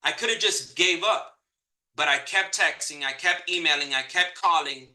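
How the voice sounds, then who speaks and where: Guy coaching realtors, bright sharp voice, kinda high, echoey room. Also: moderate pace. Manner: energetic, repeats key points for emphasis. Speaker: real estate trainer. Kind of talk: live online training talk.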